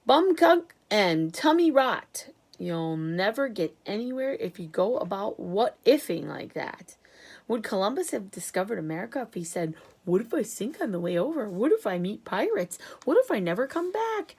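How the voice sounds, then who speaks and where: A woman's voice: mid-range voice, very animated, normal speed, darkish tone, slightly rough. A woman voicing an eccentric, grand male candy-maker in a read-aloud storybook, exclamatory and commanding. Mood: excited.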